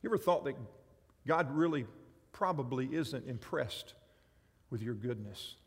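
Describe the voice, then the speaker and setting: A pastor preaching a sermon with an emphatic, repetitive cadence. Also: male voice, mid-range voice, expressive, measured pace, slightly rough, big-room sound.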